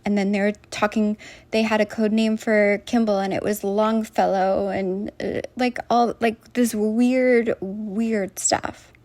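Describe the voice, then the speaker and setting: Rambling woman with a gravelly voice. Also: on the high side, darkish tone, dry recording. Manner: meandering, heavy on fillers and restarts. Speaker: vlogger. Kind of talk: casual rambling monologue to viewers.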